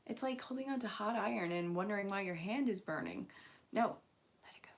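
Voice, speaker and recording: A young woman reads angel cards live for her viewers, talking casually and easily. Her pitch sits in an ordinary middle range. She slips playful jokes in between her readings. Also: animated, fairly quick, creaky. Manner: playful, joking asides and frequent laughs. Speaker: angel card reader.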